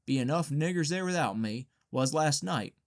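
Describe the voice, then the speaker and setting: A man's voice: a little high, lively intonation, moderate pace. A man voicing a bossy Southern teenage boy. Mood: drawling. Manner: drawling, scolding, boastful. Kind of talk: audiobook character reading.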